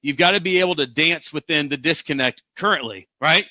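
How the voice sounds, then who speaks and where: A man from Missouri giving a motivational real estate coaching talk, energetic and emphatic, repeating phrases for punch. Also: a little high, a little fast, dry recording, low-quality recording.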